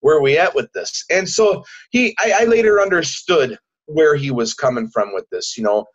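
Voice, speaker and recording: Guy talking kinda high, stumbles and repeats himself, acts out the quotes, dull muffled recording. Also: lively intonation, normal speed. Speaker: podcast guest. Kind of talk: casual storytelling in an interview.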